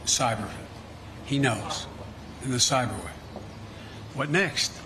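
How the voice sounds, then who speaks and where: An older man speaking at a press conference, halting and repeating himself. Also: medium pitch. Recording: noisy archive clip.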